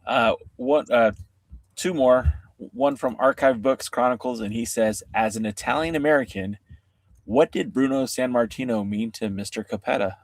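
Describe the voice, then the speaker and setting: A man's voice: medium pitch, normal speed, no room sound. A man hosting an interview, reading out viewer questions and responding conversationally. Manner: conversational, reads out viewer questions and reflects on answers. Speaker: interview host. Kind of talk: casual interview.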